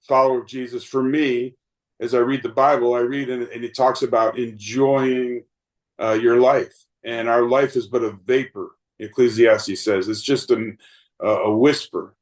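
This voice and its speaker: A man's voice: medium pitch, rough recording. A man in his late fifties, a baseball umpire guest, telling earnest, rambling stories with many fillers and restarts. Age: 50s. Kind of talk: reflective storytelling interview.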